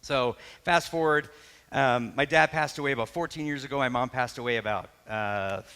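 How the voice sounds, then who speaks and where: A man's voice: medium pitch, moderate pace, smooth, in a large hall. A middle-aged man, a pastor, telling a personal story in a sermon, talking in a loose conversational way, correcting himself and acting out what people said. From Canada. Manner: conversational, self-correcting, animated retelling with acted quotes.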